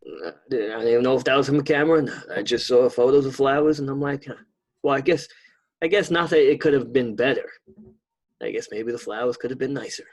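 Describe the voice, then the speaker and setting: Husky New man chatting casually. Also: mid-range voice, fast, darkish tone. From New York. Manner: laid-back, rambling, swears freely. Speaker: podcast co-host. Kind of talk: casual chat.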